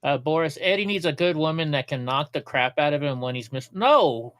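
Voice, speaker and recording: A man's voice: a little high, lively intonation, fairly quick, few pauses, fairly bright tone, no room sound. A man hosting a casual political news livestream, talking sarcastically, laughing at clips and chatting with viewers. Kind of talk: casual commentary.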